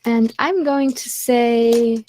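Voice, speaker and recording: A woman with a slightly high voice plays in a tabletop game. She speaks at an unhurried, measured pace. The sound is dry and close to the mic. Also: steady tone, warm tone, no room sound. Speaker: player.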